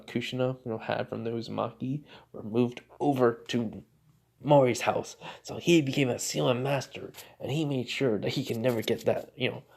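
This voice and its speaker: A man's voice: mid-range voice, creaky, darkish tone. A man casually retelling a fan story, rambling and often correcting himself mid-sentence with lots of filler words.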